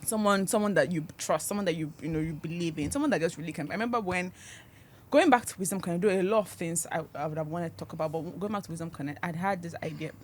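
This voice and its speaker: A man's voice: on the high side, fast, slight background noise. A Nigerian man with a Nigerian accent, hosting a podcast and talking in a reflective, conversational way. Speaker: podcast host. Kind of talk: casual interview chat.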